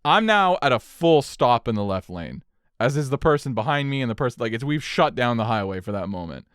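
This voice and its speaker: A man's voice: mid-range voice, big pitch swings, brisk, smooth, no room sound, clean studio sound. A young man co-hosting a podcast, telling a story in casual chat with swings of energy and a lot of swearing. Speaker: podcast co-host.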